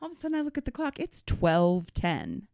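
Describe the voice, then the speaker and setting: A middle-aged woman co-hosting a casual podcast, telling a story with a lively, swooping voice and plenty of swearing. The sound is close and dry, with no room around it. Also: fairly low pitch, a little fast, creaky, no room sound. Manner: animated storytelling, swears freely. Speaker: podcast co-host. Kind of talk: casual chat.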